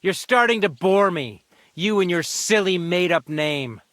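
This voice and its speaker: An actor playing a cocky village bully in a video game, taunting and sarcastic. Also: male voice, high voice, animated, measured pace, fairly bright tone, no room sound, clean studio sound. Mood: mocking. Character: mocking male village bully, scornful and cocky.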